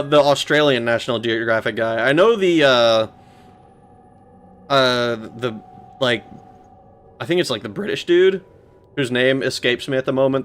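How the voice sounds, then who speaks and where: With a mid-range, fairly bright voice, a man chats casually while playing a game on stream. He rambles, curses, laughs and responds to viewers in his chat.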